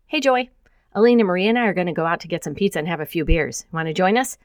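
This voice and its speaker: A woman voicing a bubbly, teasing young female college student who talks fast and excitedly. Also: on the low side, no room sound, studio quality, natural voice.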